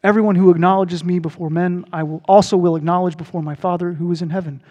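Man, pastor, sermon, high voice, animated preaching, loud proclaiming to quiet earnest, long church-hall reverb. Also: fast talker, muffled recording.

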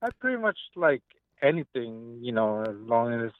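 A man's voice: medium pitch, big pitch swings, normal speed, no echo. A man calling in to a radio show, hesitant and stammering as he talks. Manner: hesitant, stammering, soft-spoken. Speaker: caller. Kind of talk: phone-in chat. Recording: tinny phone line.

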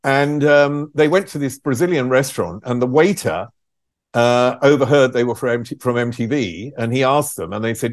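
A man's voice: medium pitch, moderate pace, no room sound. Older male guest, candid storyteller, self-deprecating, dry close sound. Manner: frank, self-deprecating, laughs at his own stories. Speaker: former music TV presenter, guest.

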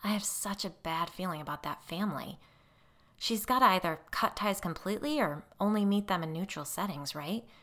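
A woman's voice: medium pitch, normal speed, sharp tone, natural voice. A woman voicing a blunt, determined woman investigator with a firm, direct way of speaking, in a storybook reading. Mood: worried.

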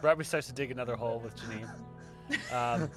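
A man narrating as game master of a tabletop game, halting with many fillers. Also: mid-range voice, over music.

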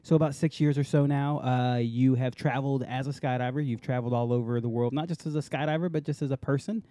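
Mellow-voiced joking podcast host man. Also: mid-range voice, fairly even intonation, quick pace, no room sound. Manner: loose, joking, laughs often. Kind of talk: casual podcast chat.

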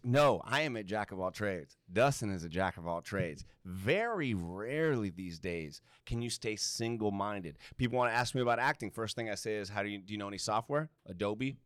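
A man's voice: mid-range voice, fairly bright tone, no echo, studio quality. A male guest speaker and voice performer in a casual panel talk, telling stories animatedly and acting out quotes, in front of a student audience. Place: university lecture hall before a student audience.

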